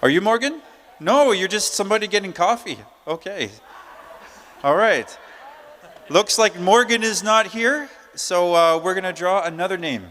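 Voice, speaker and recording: A man's voice: sits high, expressive, moderate pace, sharp tone. A man emceeing a prize draw at a conference, upbeat, joking and chatty as he calls out names. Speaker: emcee drawing prize winners. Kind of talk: live announcing at a conference. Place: large conference hall. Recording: long hall reverb.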